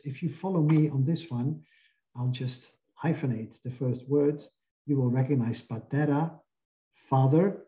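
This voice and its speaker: With a warm, mid-range tone, the linguistics professor works through his academic slides in an explanatory way, and the recording has its highs cut off.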